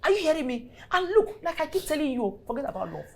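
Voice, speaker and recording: A loud, bossy Nigerian mother lectures with a high voice that swings up and down. She is brash and scheming, middle-aged, and scolds without pause in a Nollywood film scene. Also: big pitch swings, vocal fry, full character voice. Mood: lecturing. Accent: Nigerian English. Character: brash scheming mother pushing her daughter.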